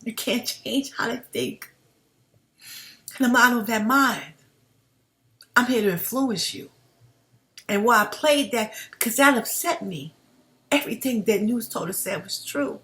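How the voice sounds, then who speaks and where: A woman's voice: fairly high pitch, unhurried, pauses often, fairly bright tone. A woman, talking straight to her viewers as "family" in an impassioned commentary vlog. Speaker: YouTube commentator. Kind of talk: direct-to-camera commentary vlog.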